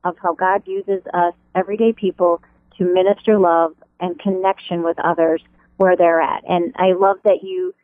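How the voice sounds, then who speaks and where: Middle-aged woman, lower voice, tinny phone line, dry, animated. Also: normal speed, no echo. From American Upper Midwest. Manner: animated, laughs easily, pitch leaps when excited. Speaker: radio devotional writer, guest. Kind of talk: casual phone interview. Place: her home. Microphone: telephone.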